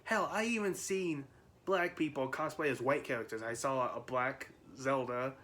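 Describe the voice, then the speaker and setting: A man's voice: mid-range voice, normal speed, a bit bright. A man vlogging in casual chat, rambling with frequent laughs, restarts and fillers.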